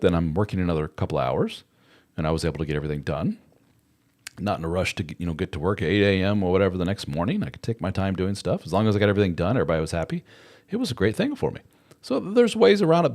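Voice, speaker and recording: A man's voice: low voice, darkish tone. A middle-aged man hosting a casual livestream, answering viewer comments in a frank, conversational way with the odd curse word. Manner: frank and conversational, with occasional swearing. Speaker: host answering viewer chat.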